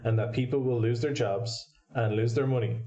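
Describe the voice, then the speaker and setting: A man's voice: medium pitch, a little fast, dark tone, muffled recording. Guy talking on a podcast, kinda rambly, lots of restarts, a bit wry. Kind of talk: casual podcast chat.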